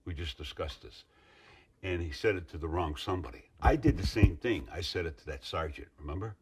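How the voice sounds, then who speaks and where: A middle-aged man with a very deep voice tells his side of a story to an interviewer. His tone is husky and a little rough, and he wanders through asides and restarts in an earnest, rambling way. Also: animated, fairly quick, a little mellow. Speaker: interviewee, former union member. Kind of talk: interview recollection.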